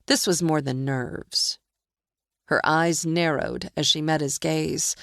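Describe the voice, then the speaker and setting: A woman narrating a psychological thriller audiobook in a measured, deliberate way. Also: low-pitched, fairly even intonation, gravelly, a bit bright, no room sound, clean studio sound.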